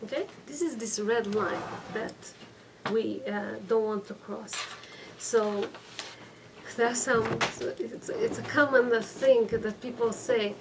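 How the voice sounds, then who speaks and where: A woman's voice: fairly high pitch, slow. A middle-aged woman giving a religious class, telling stories with acted-out quotes and checking in with her listeners. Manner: storytelling with acted quotes, frequent restarts and "okay?" checks. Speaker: rabbanit giving a weekly class. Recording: distant mic with faint room noise.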